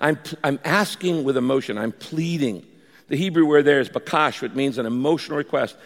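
A man preaching as pastor, animated, acting out pleading prayers and telling stories to his congregation. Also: medium pitch, brisk, big-room sound. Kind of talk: sermon.

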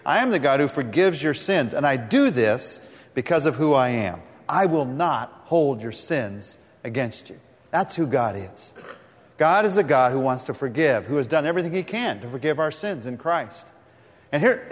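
Emphatic male preacher in a reverberant hall. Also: fairly high pitch. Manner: teaching from scripture, emphatic. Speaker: pastor. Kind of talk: sermon.

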